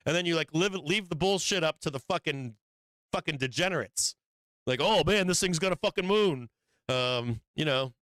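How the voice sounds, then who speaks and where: A man's voice: fairly high pitch, sharp tone, clean tone, dry recording. A man hosting a live stock market show, giving blunt and profane trading commentary with frequent emphatic swearing and laughs between points.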